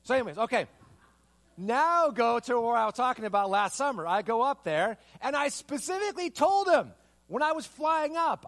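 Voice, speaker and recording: Male pastor with a high voice for his sex, animated storyteller who leans on repeated rhetorical questions. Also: moderate pace. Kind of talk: sermon with personal story.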